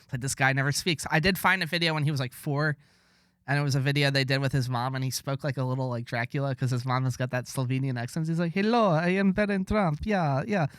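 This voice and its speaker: A man's voice: medium pitch, steady tone, fast, fairly bright tone, smooth, dry recording, clean studio sound. A man co-hosting a podcast, rambling through casual banter in a sarcastic, mock-boastful way. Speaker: podcast co-host.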